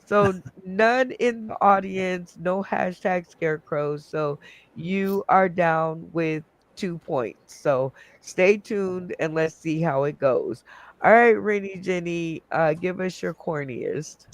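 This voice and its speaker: A man's voice: high voice, slow pace, dry recording. A man hosting a casual comedy game show over a video call, laughing often and rambling with fillers.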